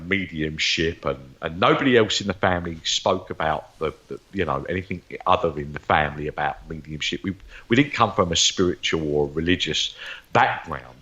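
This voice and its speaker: A man with a deep, low voice tells long personal stories in a rambling way, often repeating words and restarting his sentences. The recording sounds dull and lo-fi. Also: a bit bright. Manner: rambling, repeats words, acts out remembered dialogue. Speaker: psychic medium guest. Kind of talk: interview storytelling.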